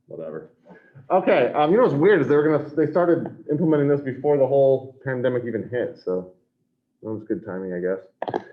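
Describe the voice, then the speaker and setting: Over tinny video call audio, a man teaching an online class takes attendance, scattered and apologetic, often correcting himself. His mid-range voice is sing-song and fairly quick.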